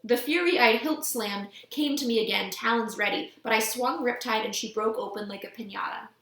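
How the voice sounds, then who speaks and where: Woman reading a story, gravelly and bright. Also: on the high side, moderate pace, echoey room, rough recording. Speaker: audiobook reader. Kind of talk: reading a novel aloud.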